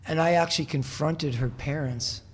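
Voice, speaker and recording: A man talking as a guest in a casual interview in a hotel room, telling a long story in a soft-spoken, meandering way with frequent restarts. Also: on the high side, moderate pace, husky. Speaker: musician guest.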